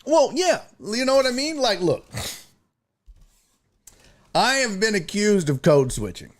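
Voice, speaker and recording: A middle-aged man hosts a loose sports talk stream, swearing freely and reading viewer comments aloud. His voice sits a little high and swings up and down a lot as he riffs and jokes. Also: a little slow. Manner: profane, animated, jokey, slips into mock voices. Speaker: sports talk show host.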